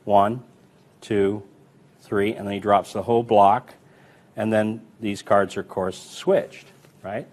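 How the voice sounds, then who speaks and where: A man teaching card magic in a relaxed, chatty way, full of fillers and restarts while he demonstrates. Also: on the low side, slow pace, pauses often. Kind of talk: demonstrating and explaining card technique.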